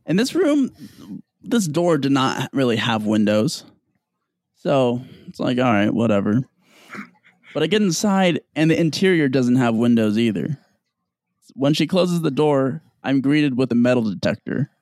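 Young man, casual storyteller, animated, dry close sound. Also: mid-range voice, measured pace, no echo. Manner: animated, swearing, acts out others in dialogue.

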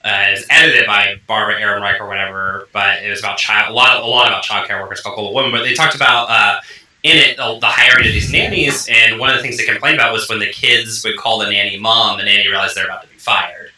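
A man in a casual group conversation, telling stories at length with frequent laughs and quick asides. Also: fairly low pitch, fairly even intonation, pushed and bright. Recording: echoey room, mic off at distance.

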